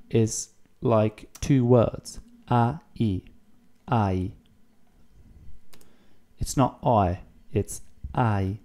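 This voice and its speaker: A man's voice: on the low side, mellow, clear, resonant tone. Patient man teaching a language lesson. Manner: explains patiently, repeats words for practice. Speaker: Italian teacher.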